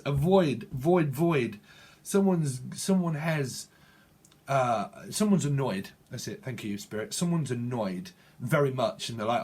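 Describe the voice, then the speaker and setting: A man's voice: fairly high pitch, animated, moderate pace, darkish tone, husky. A man giving a channeled tarot reading in a rambling, repetitive way, often correcting himself mid-word. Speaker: tarot reader.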